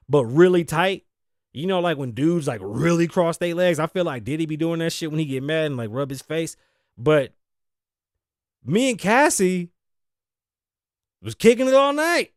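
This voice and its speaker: Animated, profane male talk show host. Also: fairly high pitch, no echo, studio quality. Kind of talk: comedic monologue.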